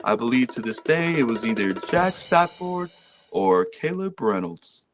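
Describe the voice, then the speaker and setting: A man speaking in a flat, formal, robotic way, deadpan and trolling. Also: medium pitch, measured pace, faint music behind. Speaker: stream guest.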